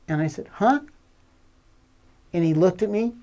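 Older guy telling a showbiz story, warm mellow voice, acts out the lines. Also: high-pitched, fast. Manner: conversational storyteller, acts out quoted dialogue. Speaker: film director. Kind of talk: anecdote told to camera.

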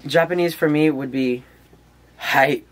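A woman in casual chat, swearing freely and laughing loudly. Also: low voice, animated, normal speed. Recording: loud background noise.

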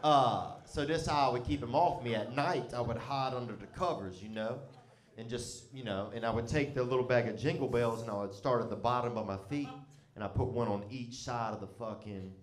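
A man's voice: mid-range voice, fairly quick, echoey room. A man telling a comic story in a loose, rambling, profane way, often breaking into laughter. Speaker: comedian.

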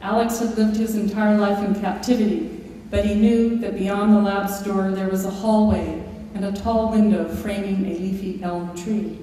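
A woman's voice: medium pitch, fairly even intonation, normal speed, mellow, slight background noise. A woman author giving a lecture, reading from her book and telling stories in a large lecture hall. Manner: storytelling, with occasional fillers and restarts. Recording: echoey lecture hall, mic far off.

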